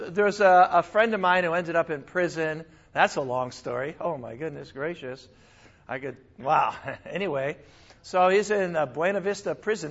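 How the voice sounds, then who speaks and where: A male pastor preaching a sermon in a conversational, animated way, with asides and small laughs. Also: high voice, highs cut off.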